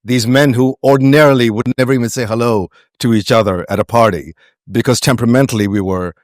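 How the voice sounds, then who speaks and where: A man's voice: medium pitch, fast, no echo, clean studio sound. A man with a Pakistani accent talking reflectively as an interview guest, meandering with many restarts and fillers. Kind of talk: conversational interview.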